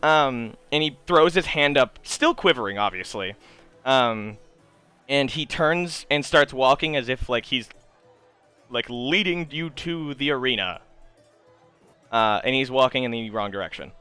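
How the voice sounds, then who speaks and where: A man narrating as game master for a tabletop role-playing game, relaxed and full of fillers. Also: medium pitch, unhurried, clear, resonant tone, faint music behind. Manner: relaxed, many fillers, chuckling.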